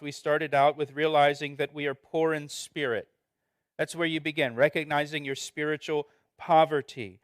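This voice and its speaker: A man's voice: a little high, fairly bright tone, smooth, dry recording, clean studio sound. A man preaching an expository sermon as pastor, earnest and conversational, often restarting and repeating words.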